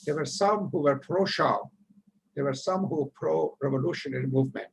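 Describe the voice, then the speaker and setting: Older man, gravelly, rambling humorous storyteller. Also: on the high side, moderate pace, a little hiss or hum. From Iran. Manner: rambling, humorous, laughs at himself. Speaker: speaker telling his immigrant story. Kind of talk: casual storytelling talk.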